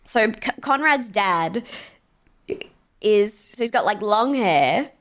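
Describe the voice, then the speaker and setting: A young woman co-hosting a casual chat, gushing and excitable, and laughing often as she talks. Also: medium pitch, slow. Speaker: podcast co-host. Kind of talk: casual chat recapping a reality show.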